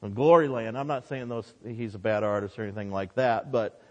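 A man's voice: on the low side, brisk, a little mellow, big-room sound, lo-fi sound. A man preaching a sermon with impassioned delivery, his voice rising and dropping for emphasis.

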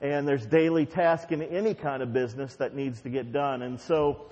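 A man's voice: mid-range voice, steady tone, normal speed, a little mellow. A male pastor leading a fervent, repetitive prayer and then preaching a sermon in a conversational storytelling way, recorded in a church sanctuary. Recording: dull, reverberant church recording.

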